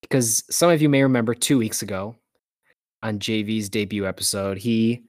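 A man's voice: lowish voice, steady tone, moderate pace, darkish tone. A man co-hosting a casual podcast, teasing and wisecracking with his co-host. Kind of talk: casual chat.

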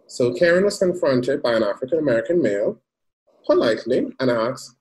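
Podcast host retelling a story, mid pitch. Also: normal speed, poor audio. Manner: lively retelling with acted quotes.

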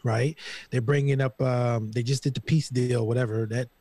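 A man talking in a casual panel discussion in a slangy, animated, emphatic way. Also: medium pitch, moderate pace, no room sound. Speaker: regular panelist.

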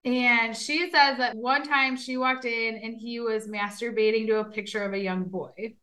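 Podcast co-host, woman, bright forward voice, casual true crime storyteller with a bit of a high pitch. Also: fairly even intonation, moderate pace. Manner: chatty storyteller, frequent fillers and laughs.

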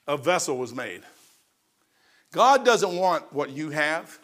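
High, bright-voiced preacher man. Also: sing-song, slow pace, long pauses, a little hiss or hum. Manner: swings between loud and soft delivery. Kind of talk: sermon.

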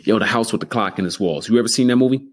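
Low voiced guy rambling solo on his podcast, swears a ton, gets loud and excited. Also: rapid-fire. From Denver, Colorado. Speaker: podcast host. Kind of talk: solo casual podcast monologue.

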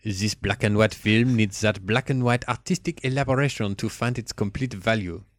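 A man's voice: lowish voice, moderate pace, dry recording, lightly acted. A man putting on a mock French accent to voice a pompous male film critic with grand, lofty phrasing. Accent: put-on French.

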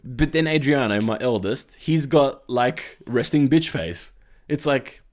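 A man's voice: medium pitch, unhurried, darkish tone. A man, chatting casually as a podcast co-host, rambling and repeating words. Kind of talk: casual chat.

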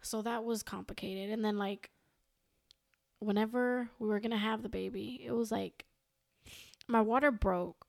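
A woman's voice: mid-range voice, steady tone, a little slow, creaky, long pauses, a little mellow, no echo, clean studio sound. A young woman, a podcast guest, telling a long personal story in casual chat, quoting herself and others again and again. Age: young adult. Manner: rambling, quotes herself and others with "I was like".

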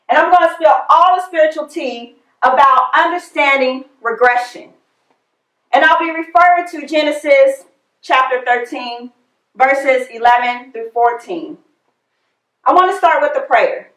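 Slow, high-voiced woman preaching. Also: a bit bright, roomy sound, poor audio. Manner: repeats phrases for emphasis. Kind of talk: sermon.

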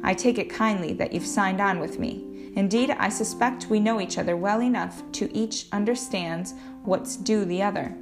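A woman's voice: medium pitch, normal speed, natural voice. A woman reading the part of a cold, contemptuous male ship captain in a firm, commanding voice. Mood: stern. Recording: guitar music playing underneath.

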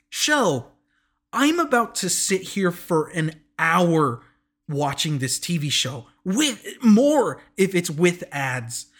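Man, casual podcast chat, slightly high voice, jokey, laughs a lot, restarts sentences. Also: fairly bright tone. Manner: rambling, joking, quick to laugh; restarts and corrects himself often. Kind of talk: casual chat recapping a TV show.

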